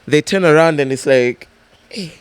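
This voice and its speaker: Brief: male podcast host with a Malawian English accent, animated storyteller, slightly high voice, dry close sound. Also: normal speed, no room sound. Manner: animated, acts out every character. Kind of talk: casual storytelling.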